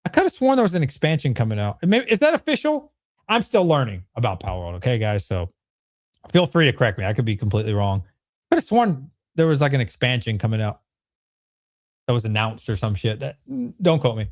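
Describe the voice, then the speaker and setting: A man in his thirties hosting a livestream Q&A, excitable and swearing often as he rants at his chat. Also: medium pitch, a little fast. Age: 30s. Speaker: streamer host.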